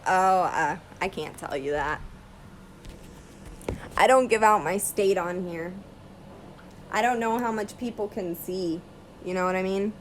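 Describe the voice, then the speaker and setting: A woman's voice: on the low side, a little slow, long pauses, a little hiss or hum. A woman with a British accent chatting casually on a livestream at home, answering viewers' comments while she works on a craft. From Chile. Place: at home, partly in a yard.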